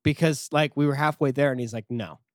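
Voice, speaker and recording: A young man chatting casually, telling a travel story with lively acted quotes and frequent laughs. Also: on the high side, fast talker, dry recording, clean studio sound. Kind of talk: casual chat.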